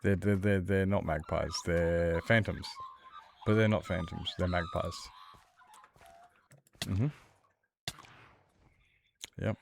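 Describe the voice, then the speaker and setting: Streamer, male, low register, heated and sweary ranting, light background hiss. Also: fairly even intonation, takes it slowly, vocal fry, pauses often. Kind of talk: casual rant while gaming.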